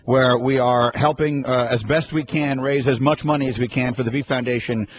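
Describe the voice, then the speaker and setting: A man hosting a sports talk radio show, giving earnest, measured introductions, heard over a dull broadcast with some hiss. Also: mid-range voice, fairly even intonation. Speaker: host.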